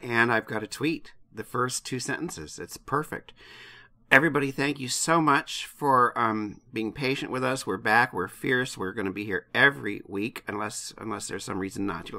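Gravelly, bright-voiced man co-hosting. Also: medium pitch, fairly quick. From United States. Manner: impassioned, blunt, swears freely. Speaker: podcast co-host. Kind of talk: casual podcast chat.

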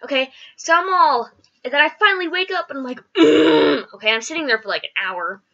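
A woman vlogger casually telling stories in a rambling, animated way, acting out the voices in them. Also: high-pitched, quick pace, lo-fi sound. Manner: animated, rambling, acts out quotes. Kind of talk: casual storytelling.

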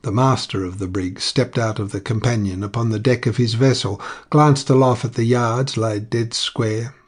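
A man narrating an audiobook in a measured, unhurried reading. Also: medium pitch, steady tone, husky.

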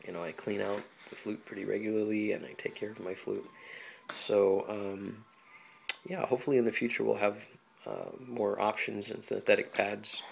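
A man from Hawaii, a flutist, explaining instrument care in a relaxed, chatty home tutorial full of ums and small laughs. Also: on the low side, moderate pace, vocal fry, husky. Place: home apartment.

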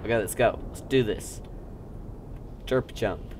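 A man's voice: fairly low pitch, slow, pauses often, background noise. A young man making goofy let's-play commentary, full of silly nonsense words and sudden outbursts. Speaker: gamer.

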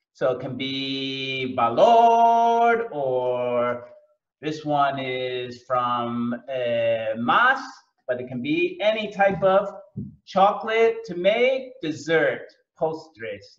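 A man teaching English through a cooking lesson, speaking slowly and repeating and translating words for learners. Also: mid-range voice, a bit bright, echoey room, highs cut off.

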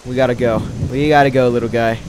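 A man giving excitable let's-play commentary, often breaking into high yelps and laughter. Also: quick pace, noisy background. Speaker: gaming video creator. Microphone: new microphone.

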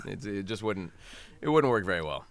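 A man's voice: deep voice, big pitch swings, brisk, vocal fry. A man talking as a voice actor guest in a casual interview, chatty and laughing often.

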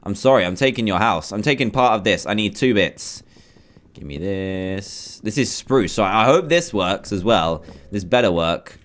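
A man in his twenties giving animated, self-mocking commentary on his Minecraft survival game, talking to himself as he plays. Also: fairly low pitch, measured pace. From England. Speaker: gaming YouTuber. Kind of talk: Minecraft let's play commentary.

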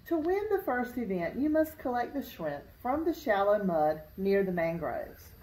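A pelican who presides over a contest of birds and proclaims every event with grand, announcing flourish, as a woman reading a storybook puts him on. The voice sits at a middling pitch and carries a roomy echo. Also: very animated, unhurried, darkish tone. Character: pompous pelican judging a bird contest.

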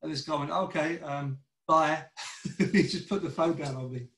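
A little high and fairly bright, this church teacher's voice is unhurried as he preaches informally over a video call. The rough recording has an echoey room, and he chats, acts out dialogues and restarts often.

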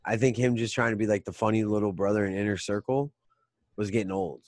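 Low-voiced man in teasing podcast banter. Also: steady tone, fast talker, darkish tone, dry recording. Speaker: podcast co-host. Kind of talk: casual chat.

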